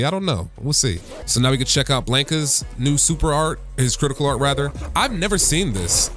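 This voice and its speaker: A young man giving casual gaming reaction commentary as a YouTuber, slangy and excitable, breaking into loud bursts of hype. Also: on the high side, moderate pace, few pauses, soft background music.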